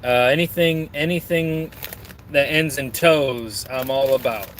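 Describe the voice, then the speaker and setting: A man's voice: mid-range voice, a little slow, fairly bright tone, slight background noise. A man streaming and reading his chat, rambling in a crude, joking way while snacking.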